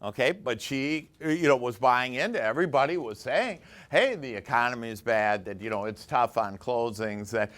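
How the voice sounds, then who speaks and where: A man's voice: mid-range voice, lively intonation, normal speed, few pauses, a bit bright. A man leading a live motivational workshop as coach, talking to a small group in an enthusiastic, chatty way and laughing often.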